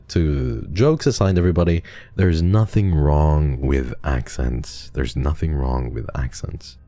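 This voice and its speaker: A male streamer who isn't feeling well talks casually on stream and reads donations in an unhurried bass voice. The recording is dry, and his soft, drowsy speech often trails away.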